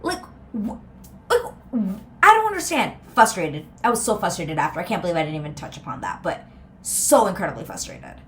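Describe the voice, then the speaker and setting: A woman's voice: fairly low pitch, fairly quick, a little hiss or hum. Exasperated young woman reviewing a TV episode. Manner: animated and exasperated, heavy use of "like" and "girl". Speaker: TV reaction vlogger. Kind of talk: casual reaction commentary.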